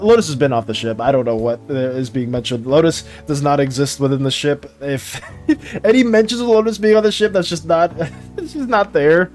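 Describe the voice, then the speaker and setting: A fairly high-voiced man chats loosely with his stream while drawing, his pitch swinging all over as he laughs and repeats himself. Soft music plays faintly underneath. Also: animated, moderate pace. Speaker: art streamer. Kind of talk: casual livestream chat while drawing.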